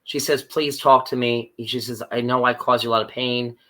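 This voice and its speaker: Guy on a podcast walking through an episode, mid-pitched voice, acts out the lines. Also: brisk. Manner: animated storyteller who acts out characters' lines. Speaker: podcast co-host. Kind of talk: casual chat recapping a TV episode.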